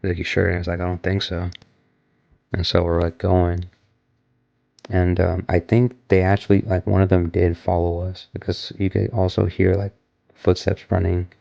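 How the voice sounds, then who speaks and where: A man's voice: low voice, completely flat delivery, normal speed, gravelly, dark tone, highs cut off. A young man casually retelling a story in a loose, rambling way, full of filler words. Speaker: vlogger recounting an experience.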